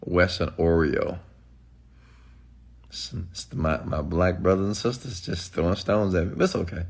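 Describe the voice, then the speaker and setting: Low-voiced man ranting on a live stream. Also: moderate pace, creaky. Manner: emphatic and preachy, keeps asking "okay?". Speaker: entrepreneur live-streaming to followers. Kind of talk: live-stream rant answering chat comments.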